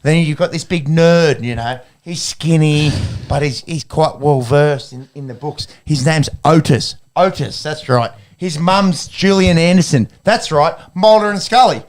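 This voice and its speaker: Rambling young man, slightly high voice. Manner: rambling, halting restarts. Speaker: podcast co-host. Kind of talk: casual sports chat.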